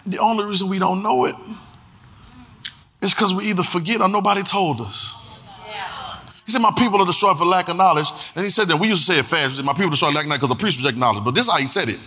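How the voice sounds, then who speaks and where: A man's voice: sits high, quick pace, bright, forceful tone. A man pastor preaching a sermon in a church, repeating phrases and singing out lines with emphasis. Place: church sanctuary. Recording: long hall reverb.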